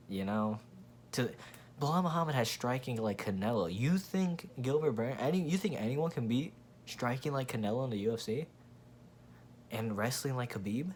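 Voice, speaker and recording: On his MMA commentary channel, this host rants casually, blunt and profane, rambling and frequently starting over. His medium-pitched voice is expressive and a little mellow at a normal speed, with slight hiss or hum audible.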